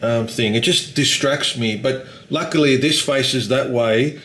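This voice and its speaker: A man's voice: mid-range voice, a little slow, pushed and bright, roomy sound, poor audio. A man chatting casually in a rambling, self-deprecating vlog, swearing lightly. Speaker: vlogger.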